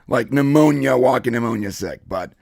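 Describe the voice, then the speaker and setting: Casual co-host, man, congested and husky, gravelly, rambling with fillers; dry close mic. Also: medium pitch, moderate pace, a little mellow, no echo. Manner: rambling, joking, frequent fillers and throat clearing. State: congested, hoarse voice. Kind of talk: casual podcast chat.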